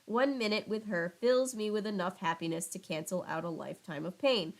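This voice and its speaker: A woman's voice: medium pitch, brisk, natural voice. A woman voicing a confident young man in love, speaking earnestly. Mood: ardent. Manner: earnest, ardent.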